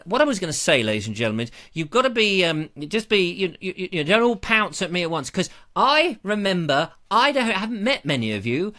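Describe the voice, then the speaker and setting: Lively, jokey man chatting. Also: high voice, fairly quick, hardly any pauses. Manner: jokey, rambling, slips into silly voices. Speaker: livestream host. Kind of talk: casual livestream chat. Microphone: lavalier.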